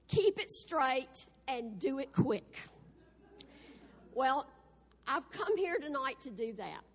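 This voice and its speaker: An exuberant woman preacher delivers a sermon, breaking into exclamations of praise between storytelling lines. Her voice sits high. A long hall reverb trails behind it. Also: very animated, slow pace, pauses often. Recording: echoey hall.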